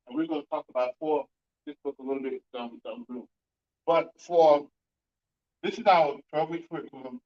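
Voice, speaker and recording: High-voiced emphatic man giving a talk. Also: lo-fi sound. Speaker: conference speaker on fatherhood and reentry. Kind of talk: speech to an audience.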